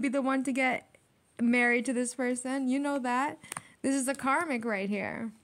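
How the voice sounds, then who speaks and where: Young woman, tarot reader, slightly high-pitched, casual slangy delivery, frequent laughter. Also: fairly even intonation, moderate pace, a bit bright. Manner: slangy, blunt, laughs often.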